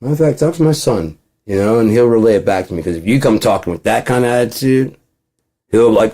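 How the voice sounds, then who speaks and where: Low mellow-voiced man rambling. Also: lively intonation, quick pace. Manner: rambling, profane, acts out both sides of imagined talks. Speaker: channel host. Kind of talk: casual rambling monologue.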